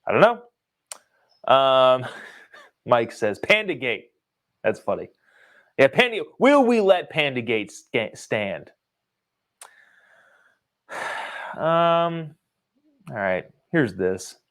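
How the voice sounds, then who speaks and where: A man's voice: medium pitch, big pitch swings, drawn-out words, long pauses, a bit bright. A man hosting a political commentary show, talking in an opinionated, sarcastic way. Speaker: host.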